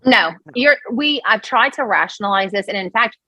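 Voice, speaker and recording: A woman from Louisiana with a Cajun accent, a podcast guest telling a story in an animated, rambling way. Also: on the high side, normal speed, dry recording, dull audio. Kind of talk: casual storytelling chat.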